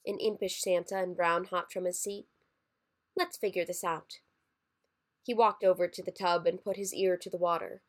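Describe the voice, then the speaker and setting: A woman narrating a dark holiday short story in a measured, expressive reading. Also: fairly low pitch.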